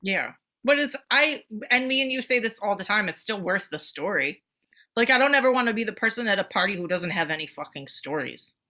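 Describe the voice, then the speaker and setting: A woman co-hosting a podcast, telling a story in casual chat, animated and swearing freely, acting out the people in it. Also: medium pitch, fairly quick. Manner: animated, swearing, acts out voices in anecdotes. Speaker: podcast co-host.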